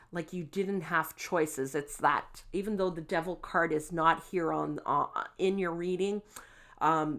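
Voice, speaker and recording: Slow, low-voiced woman reading tarot. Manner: gentle, reassuring, many fillers and "okay?" check-ins. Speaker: tarot reader. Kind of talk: spoken tarot card reading.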